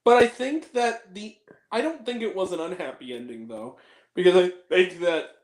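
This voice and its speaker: A man's voice: sits high, moderate pace, reverberant. A man hosting a casual film podcast, talking animatedly and quoting movie lines. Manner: animated, quotes movie lines in put-on voices. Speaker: podcast host.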